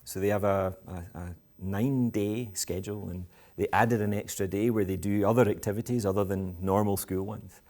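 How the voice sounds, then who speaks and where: A man from Scotland speaks at normal speed with few pauses, his lowish, mellow voice keeping a fairly even intonation. As an education speaker at a live school event, he addresses parents in a playful, provocative and self-mocking style.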